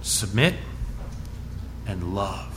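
A man preaching as pastor, reading scripture with emphasis and dropping to soft, low asides in a conversational way. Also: big pitch swings, drawn-out words, background noise. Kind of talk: sermon.

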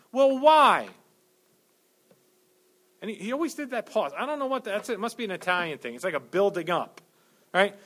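A man preaching a sermon, swinging between loud slow emphasis and quick joking asides. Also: high-pitched. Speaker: pastor.

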